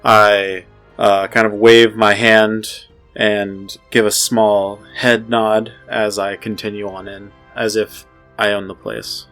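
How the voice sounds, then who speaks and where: A man's voice: fairly low pitch, flat delivery, slow, a bit bright, faint music behind. A man taking part as a player in a tabletop game, speaking confidently with small hesitations. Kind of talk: casual tabletop play.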